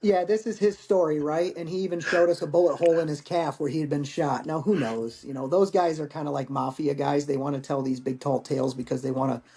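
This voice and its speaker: As a podcast guest, this Marine veteran in his forties rambles through frank, casual stories, swearing offhandedly. His voice is fairly high and dark-toned, steady in delivery, a bit quick and with few pauses.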